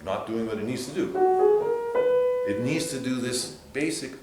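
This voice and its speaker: A man teaching a piano workshop, explaining hand movements while demonstrating at the piano and breaking into sudden high exclamations. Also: normal speed. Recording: echoey room with loud piano. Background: piano playing.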